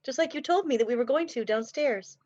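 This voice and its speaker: A woman's voice: high voice, brisk, darkish tone. A woman playing in a tabletop game, patiently explaining things to another player. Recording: dull lo-fi mic.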